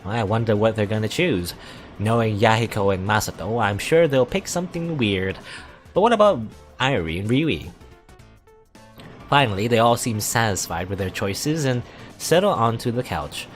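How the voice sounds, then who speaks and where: A man's voice: fairly low pitch, lively intonation, moderate pace, faint music behind. A young man playing a visual novel, reading its narration aloud and rambling between lines with stammers. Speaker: let's play gamer.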